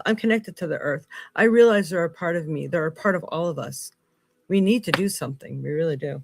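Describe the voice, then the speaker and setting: A woman hosting a live psychic tarot reading. She speaks earnestly and swings between loud emphasis and hushed asides. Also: low voice, a little fast, slight background noise. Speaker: psychic tarot reader and host.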